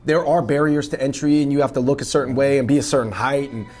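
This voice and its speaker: A man's voice: medium pitch, steady tone, fast, a little mellow, faint music behind. Rambling young man chatting in a dessert shop. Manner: rambling, lots of fillers and restarts. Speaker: web video host. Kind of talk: casual interview chat.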